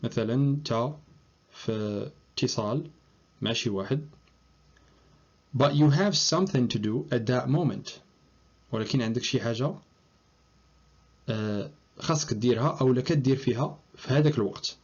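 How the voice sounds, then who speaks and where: A man with a Moroccan accent teaching English phrases, reading model sentences slowly and checking in with "okay?". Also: medium pitch, breathy edge, lo-fi sound. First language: Moroccan Arabic. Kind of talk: language lesson, switching between English and Moroccan Arabic.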